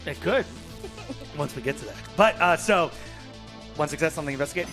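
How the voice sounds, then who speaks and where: Male game master, lively pitch, casual narration with music underneath. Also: normal speed.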